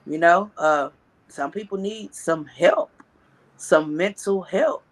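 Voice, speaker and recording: A man co-hosting a casual commentary chat, talking reflectively and haltingly with many pauses. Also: sits high. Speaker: co-host.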